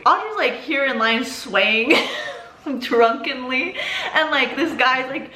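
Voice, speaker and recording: A woman in her twenties telling a story in a vlog, animated and casual, swearing freely. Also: high-pitched, slow pace, slight background noise. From United States. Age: 20s. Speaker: vlogger. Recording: roomy echo.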